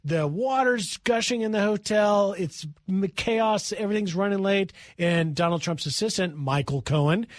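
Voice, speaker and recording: A middle-aged man filling in as a radio host, telling a story with animated energy and acting out the voices of people he quotes. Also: high-pitched, moderate pace, few pauses, no room sound, studio quality.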